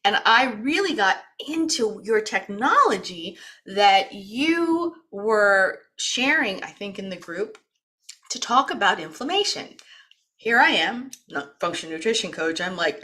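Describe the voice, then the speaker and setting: A woman's voice: fairly high pitch, lively intonation, moderate pace, bright, forceful tone. A woman from the East Coast of the United States hosting a wellness program, chatty and talkative, introducing her guest in a casual live session. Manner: chatty, talkative, laughs often.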